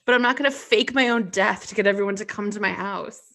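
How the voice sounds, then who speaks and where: Sardonic woman with a gravelly voice. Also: mid-range voice, quick pace, a bit bright. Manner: dry, sardonic, blunt. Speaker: podcast co-host. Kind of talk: casual chat.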